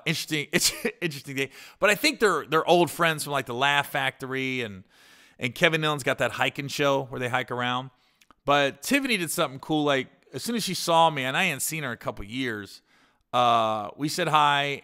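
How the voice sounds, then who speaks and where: A male podcast host with a medium-pitched, sharp-toned voice tells rambling comic stories in a casual storytelling style. He swears and laughs often.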